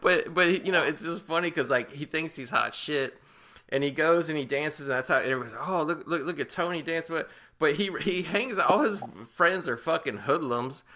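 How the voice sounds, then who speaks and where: A man's voice: fairly high pitch, moderate pace, sharp tone. A man co-hosting a podcast, giving a profane, rambling movie recap and laughing often. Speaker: podcast co-host. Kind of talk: casual movie review chat.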